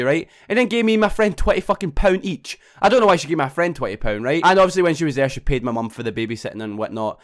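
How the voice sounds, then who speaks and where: A young man tells a storytime vlog. He swears a lot and keeps asking "right?". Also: on the high side. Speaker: vlogger.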